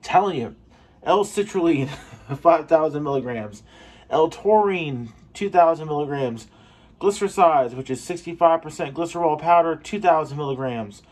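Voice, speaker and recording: A man reviewing a pre-workout supplement in a casual taste-test vlog, excitable and swearing for emphasis. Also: a little high, normal speed. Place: home gym.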